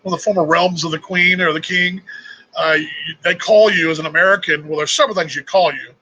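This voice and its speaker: A man's voice: fairly high pitch, steady tone, fairly quick, pushed and bright, slightly rough, low-quality recording. A middle-aged man from Texas with a Texan accent, hosting a casual live chat in a rambling, chatty way. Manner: rambling, chatty, restarts often. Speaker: host.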